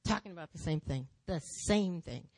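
A woman speaking in church, telling her testimony as a lively story with repeated phrases. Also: lowish voice, moderate pace, slightly rough, no echo. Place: church sanctuary.

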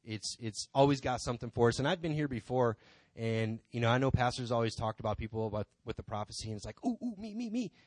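Here a church member speaks from the pulpit in a church sanctuary, a man delivering a loose, rambling testimony peppered with asides. He talks fast in a steady, mid-range voice that's a little mellow, and there's no echo.

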